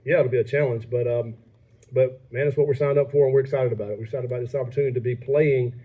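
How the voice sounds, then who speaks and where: A quick, upbeat head coach who fields questions at a press conference, halting and filler-heavy, on slightly muffled audio. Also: male voice, medium pitch, steady tone.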